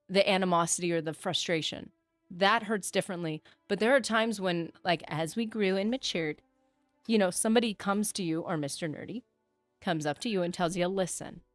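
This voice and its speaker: A woman's voice: mid-range voice, no echo. A woman streaming a game, chatting with her viewers in a reflective, talkative way. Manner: chatty and reflective, reads chat aloud. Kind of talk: casual livestream chat.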